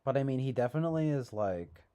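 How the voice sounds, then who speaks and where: A man's voice: medium pitch, lively intonation, fast talker, mellow, clean tone. A man hosting a casual livestream, rambling with lots of fillers and a sarcastic edge. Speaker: livestream host.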